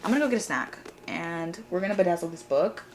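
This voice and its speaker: A young woman chatting casually in a reading vlog, gushing and excitable, full of repeats and fillers. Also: on the low side, fast, a little hiss or hum. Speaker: book vlogger.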